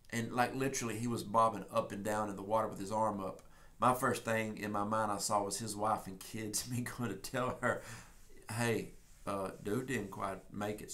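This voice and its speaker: A man's voice: on the low side, fairly bright tone. A man with a Texan accent preaching a prophetic message in an emphatic, folksy way, sometimes telling stories. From Texas. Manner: folksy and emphatic, speeds up and slows down. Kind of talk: prophetic sermon, casual storytelling.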